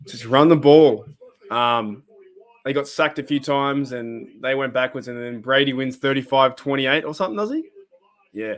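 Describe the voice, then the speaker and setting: A man with an Australian accent hosting a live-stream reaction, chatting casually in a rambling, animated way and swearing freely. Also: mid-range voice, moderate pace. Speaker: host.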